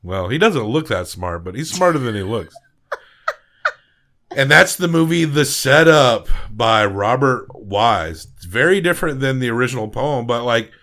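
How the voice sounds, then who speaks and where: A man hosting a film podcast, recapping and rating movies in a relaxed, rambling way with many fillers. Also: mid-range voice, normal speed. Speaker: podcast host. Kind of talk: casual film review chat.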